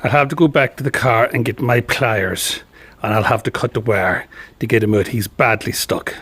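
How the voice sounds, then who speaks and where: A man's voice: medium pitch, normal speed, a bit bright, breathy edge. A man vlogging about a fishing trip, narrating his drive in an enthusiastic, chatty way. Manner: enthusiastic, gushing about the scenery. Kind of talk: chatty travel narration to camera. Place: in a car on country roads. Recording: road and car noise behind.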